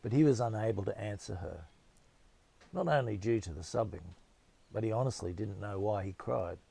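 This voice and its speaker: A man narrating a novel as an audiobook in a steady, measured storytelling manner. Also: fairly low pitch, vocal fry, breathy edge.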